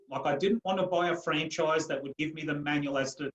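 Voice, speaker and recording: A middle-aged man with a slightly raised pitch tells his own story in an interview. He speaks earnestly and repeats phrases for emphasis. The room gives his voice a noticeable echo. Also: fairly quick, dull audio. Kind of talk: personal storytelling in a podcast interview. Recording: roomy echo.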